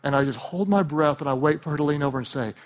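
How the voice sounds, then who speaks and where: A pastor preaching a lively, humorous sermon to a church audience, rising to shouts on key points. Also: male voice, on the high side, fast talker.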